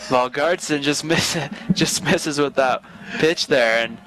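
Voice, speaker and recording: A man's voice: fairly high pitch, slow, background noise. Man giving casual baseball color commentary. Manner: conversational, rambling analysis with restarts. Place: stadium broadcast booth.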